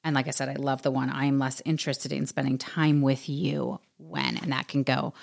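Low-voiced woman giving casual advice. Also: moderate pace, vocal fry. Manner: animated, many "like" and "right?" fillers. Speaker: podcast host.

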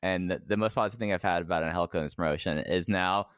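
A man with a somewhat low voice chats about wrestling on a podcast. He rambles and restarts his sentences often. The sound is dry and close. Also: racing, a bit bright, clear, resonant tone, dry recording. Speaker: podcast co-host. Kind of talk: casual wrestling recap chat.

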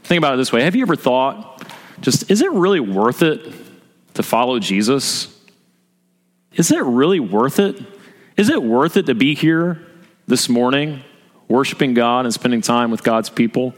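A man's voice: medium pitch, sing-song, normal speed, long pauses. A man preaching a sermon to his congregation as pastor, earnest, asking rhetorical questions and repeating his key points. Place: church sanctuary. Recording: long reverb of a church hall.

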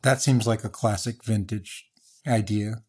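A man's voice: on the low side, steady tone, measured pace, darkish tone, husky. A male host asking curious, searching questions and often rephrasing them. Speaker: interview host. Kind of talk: interview questions.

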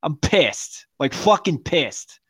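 A man's voice: on the high side, very animated, slow pace, a bit bright, slightly rough, no room sound. Guy on a podcast telling a crude story, lots of swearing and laughing, dry close sound. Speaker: podcast co-host. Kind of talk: casual storytelling chat.

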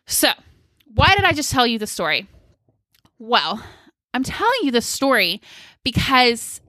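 A woman's voice: mid-range voice, pushed and bright, no echo. A young woman speaking casually and earnestly, telling a personal story and encouraging listeners in their faith, with many filler likes. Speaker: Christian devotional speaker.

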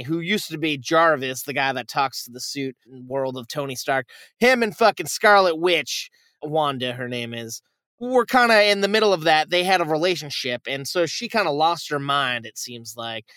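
A man's voice: a little high, lively intonation, normal speed, pushed and bright, smooth, dry recording, studio quality. Casual profane male podcast co-host. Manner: loose, profane, enthusiastic. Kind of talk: casual review chat.

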